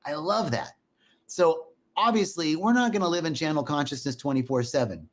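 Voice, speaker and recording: A man giving a conversational, animated spiritual talk in a live stream. He greets viewers by name between points. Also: a little high, moderate pace. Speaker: spiritual teacher.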